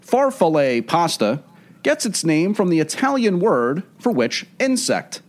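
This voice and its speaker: Male podcast host, animated pitch, chatty, reads rules and questions. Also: unhurried. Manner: chatty, self-deprecating, stumbles over words. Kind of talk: podcast hosting and question reading.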